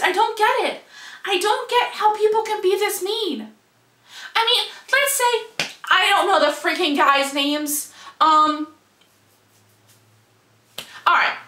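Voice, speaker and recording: A woman's voice: very high-pitched, sharp tone, echoey room. A young woman giving an indignant, heated rant in a video monologue, firing off rhetorical questions. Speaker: vlogger.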